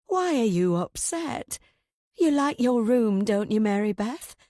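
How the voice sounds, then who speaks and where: An older aunt with a soft, cooing, motherly way of talking, as a woman reads her. The voice is mellow and warm, recorded close and dry. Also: on the high side, lively intonation, measured pace, dry recording.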